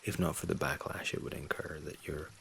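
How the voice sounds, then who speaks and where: A very low, gravelly man in his thirties, from England and raised in Scotland, answering viewer questions in soft-spoken ASMR. He keeps his voice hushed and easygoing, often sliding into whispers, close to a condenser mic at home. His voice has a heavy, creaky fry. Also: fairly even intonation, brisk, slight background noise. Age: 30s. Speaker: ASMR channel host. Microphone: USB condenser mic.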